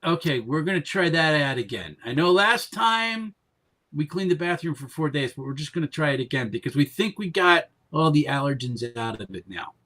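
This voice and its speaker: A man's voice: a little high, expressive, moderate pace, bright, forceful tone. A man from Pennsylvania running a tabletop game as game master, talking casually with lots of fillers and self-corrections.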